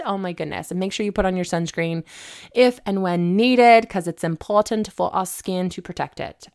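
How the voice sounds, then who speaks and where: Woman podcast host, encouraging chatty monologue, fairly low voice. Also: lively intonation, normal speed, a little mellow. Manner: chatty and encouraging, addresses listeners as "you guys". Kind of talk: casual motivational monologue.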